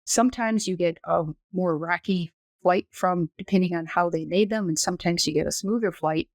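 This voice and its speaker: A woman in her sixties, a former astronaut guest on a podcast, telling her story in a detailed, measured, explanatory way. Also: on the low side, no echo. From United States. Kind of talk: conversational storytelling interview.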